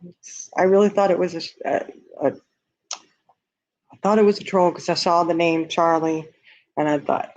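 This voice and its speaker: A fairly high-voiced man with a drawl, chatting on a casual livestream. He reads viewer comments aloud and answers with blunt candor, laughing at his own lines. The audio is dull and lo-fi. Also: steady tone, moderate pace, pauses often, a little mellow, a little hiss or hum.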